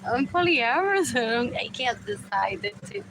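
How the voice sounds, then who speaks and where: A woman's voice: fairly high pitch, big pitch swings, normal speed. A woman livestreaming a meandering monologue, repeating herself and switching between English and Spanish, apparently while waiting for a bus. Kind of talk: rambling live-stream monologue. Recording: loud street noise with passing vehicles.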